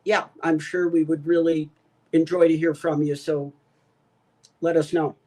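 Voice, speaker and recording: A man chiming in as co-host on a political show, with a slightly high voice. He stops and restarts often, filling gaps with "um" and "uh" as he works out his point. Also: flat delivery, measured pace, darkish tone, low-quality recording. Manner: hesitant, filler-heavy. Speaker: podcast co-host. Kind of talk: casual political chat.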